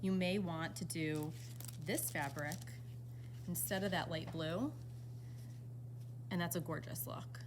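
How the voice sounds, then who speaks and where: A woman with a somewhat low voice walks through fabric options in an enthusiastic, easygoing way. She sounds like a product presenter. A faint hum of ambience sits behind her. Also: takes it slowly, pauses often. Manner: enthusiastic, relaxed, showing fabric swatches. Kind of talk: product walkthrough.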